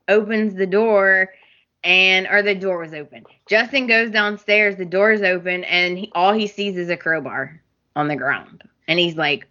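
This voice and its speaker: A woman's voice: fairly low pitch, pushed and bright, muffled recording. A woman co-hosting a podcast, chatting about soap opera episodes, laughing often and quoting the characters. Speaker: podcast co-host. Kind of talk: casual soap opera recap chat.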